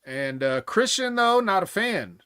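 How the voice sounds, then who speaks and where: A man's voice: high voice, very animated, a little slow, fairly bright tone, clean tone, no room sound, clean studio sound. A man co-hosting a casual wrestling podcast, blunt and opinionated, swearing freely as he recaps matches. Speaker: podcast co-host.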